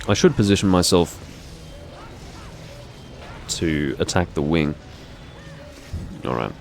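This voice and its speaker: A man giving relaxed, rambling commentary while playing a game live, with dry, self-deprecating asides. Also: deep voice, slow, gravelly, a little hiss or hum. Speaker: gaming streamer.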